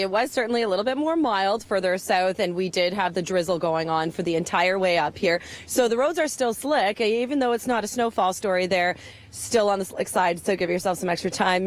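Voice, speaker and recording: A woman presenting the weather live from outdoors in a snowy town, chatty and upbeat, with a jokey way of talking. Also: medium pitch.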